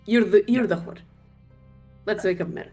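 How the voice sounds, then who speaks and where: A woman's voice: medium pitch, normal speed, music in the background. Playful chatty woman gaming with friends. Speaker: player. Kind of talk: casual tabletop game banter.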